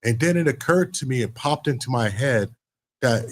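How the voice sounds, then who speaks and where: A man with a Texas accent hosting a casual livestream chat, animated and slangy. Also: mid-range voice, normal speed.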